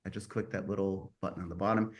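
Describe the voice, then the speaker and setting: A man's voice: deep voice, fairly even intonation, quick pace. A man in his fifties hosting a mastermind group on a video call, rambling and correcting himself as he talks. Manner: rambling, self-correcting, enthusiastic. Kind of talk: casual online meeting talk.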